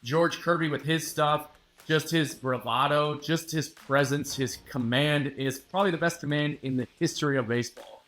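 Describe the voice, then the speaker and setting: A man, a newspaper sports reporter, giving measured, confident analysis as a guest on a casual podcast chat. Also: fairly high pitch, a bit bright.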